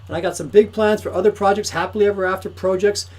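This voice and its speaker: A man giving an excitable, repetitive motivational sales pitch to camera for his course. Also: fast, rough recording. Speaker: course promoter.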